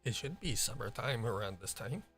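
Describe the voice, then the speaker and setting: A man's voice: mid-range voice, lively intonation, moderate pace, fairly bright tone, soft background music. A man playing a tabletop game, chatting in an easygoing way. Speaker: player. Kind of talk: casual game chat.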